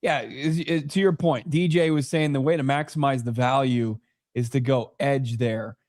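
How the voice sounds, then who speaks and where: A man's voice: medium pitch, steady tone, moderate pace, a little mellow. A man co-hosting a casual sports podcast, talking in a dry, self-mocking way with frequent restarts. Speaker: podcast co-host.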